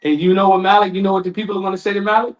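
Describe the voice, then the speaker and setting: A man's voice: high-pitched, flat delivery, very fast. A man giving a sermon at a community event, in casual street talk, dramatic and acting out voices. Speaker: lecturer.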